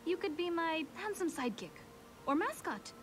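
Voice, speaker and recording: Bright young female magician, teasing, affectionate, high voice, animated series dialogue, noisy clip. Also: normal speed, exaggerated voice.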